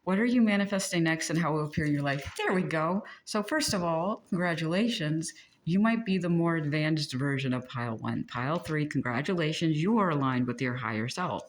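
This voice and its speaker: A woman giving a casual tarot reading, chatty and gentle, often breaking into giggles. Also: low voice, fairly quick. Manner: gentle and encouraging. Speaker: tarot reader.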